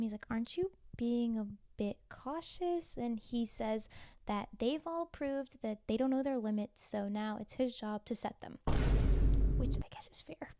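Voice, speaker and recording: A chatty woman retells a TV drama as a vlogger, giggling and tossing in asides. Her voice sits a bit high with a soft, mellow tone. The sound is dry and close, with no room around it. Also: no room sound. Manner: gossipy, giggly, full of "like" and asides. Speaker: TV recap vlogger. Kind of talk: casual chatty recap.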